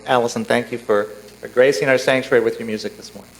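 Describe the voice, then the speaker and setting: A man giving a sermon in a church sanctuary, telling a joke in a measured storytelling way. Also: medium pitch, fairly even intonation, low-quality recording. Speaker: minister.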